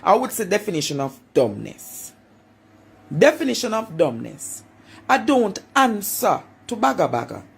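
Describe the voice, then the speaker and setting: A woman's voice: mid-range voice, very animated, unhurried, gravelly, breathy edge. A Jamaican woman in a taunting, preacher-like monologue, repeating her phrases for effect. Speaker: vlogger. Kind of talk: confrontational monologue.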